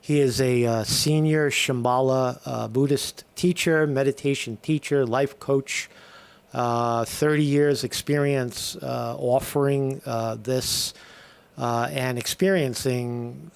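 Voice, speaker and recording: A man's voice: mid-range voice, fairly even intonation, slow pace, creaky, clean tone. A man hosting a live morning stream in a casual, irreverent way, full of fillers and restarts. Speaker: host of a live morning show.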